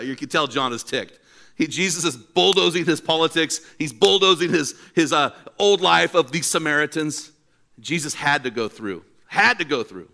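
Older man, pastor, church sermon, storytelling, bright forceful voice. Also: a little high. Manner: animated storytelling preacher, acts out quotes.

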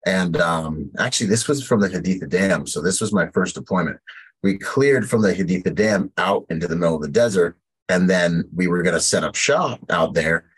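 A man's voice: sits low, brisk, breathy edge, poor audio. A man, a podcast guest from the United States, telling a rambling war story in casual talk, full of fillers and quoted lines.

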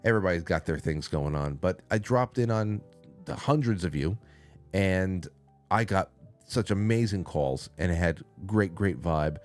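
A man's voice: low-pitched, animated, moderate pace, faint music behind. A man hosting a casual call-in stream from a studio, rambling and reading out chat names. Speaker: call-in show host. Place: small studio. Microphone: studio mic.

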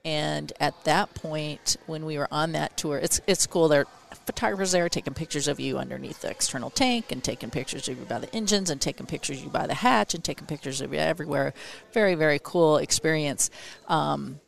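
A middle-aged woman, an astronaut's wife, telling a story in a casual, easygoing chat with frequent pauses. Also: sits low, vocal fry. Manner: chatty, easygoing, with frequent ums.

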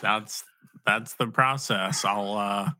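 A man's voice: lowish voice, fairly even intonation, takes it slowly, sharp tone, dry recording. A man hosting a podcast, joking around in loose casual banter with his co-host. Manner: joking, loose, swears freely.

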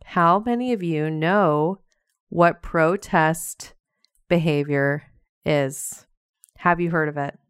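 A woman's voice: low-pitched, slow pace, clean tone, no echo, clean studio sound. A woman hosting a podcast, chatting casually and laughing often as she talks straight to her listeners. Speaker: podcast host. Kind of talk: casual chat.

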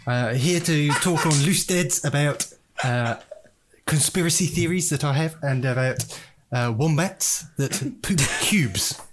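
A man putting on a slow South African drawl. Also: a little high, background noise, natural voice. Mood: goofy. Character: laid-back South African man, a podcast co-host.

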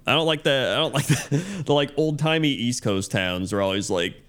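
A man's voice: medium pitch, expressive, normal speed, fairly bright tone. A man co-hosting a podcast in casual chat, laid-back and rambling, laughing often. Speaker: podcast co-host.

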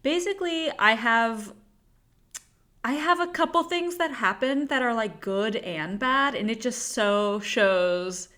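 A woman co-hosting a podcast who reacts quickly, backs her friend up and laughs often. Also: a little high, sharp tone. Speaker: podcast co-host. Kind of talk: casual chat.

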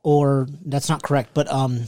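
A man co-hosting a casual podcast, trading dry, deadpan quips. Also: mid-range voice, normal speed, no echo. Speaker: podcast co-host. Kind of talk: casual banter.

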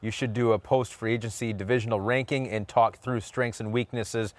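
A man co-hosting a casual sports podcast, reading listener questions and cutting in with quick remarks. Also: medium pitch, fairly even intonation, no echo. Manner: quick interjections, pushes back on the host.

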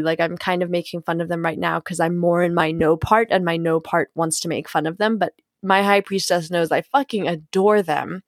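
A woman's voice: fairly low pitch, moderate pace, few pauses, no room sound, clean studio sound. A woman host speaking candidly in a personal monologue, rambling with fillers and self-corrections, and swearing freely to land her points. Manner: frank, profanity-laced, animated emphasis.

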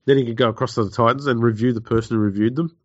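A man's voice: medium pitch, steady tone, rapid-fire, no echo. A man co-hosting a sports podcast, trading dry wisecracks in casual chat. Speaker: podcast co-host. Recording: dull, dry home podcast mic.

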